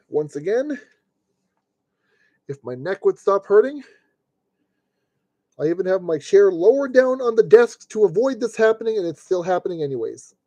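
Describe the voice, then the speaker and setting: Man, high and soft-toned, chatty streamer narrating a kit build, dry room. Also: big pitch swings, moderate pace, long pauses, no room sound. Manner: chatty, talks himself through each step. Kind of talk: casual live-stream narration. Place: at a desk indoors.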